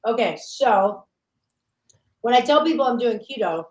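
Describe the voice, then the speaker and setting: A woman chef chatting casually on a podcast, lively and talkative, often acting out what she says to herself. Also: on the high side, unhurried. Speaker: chef and guest cohost.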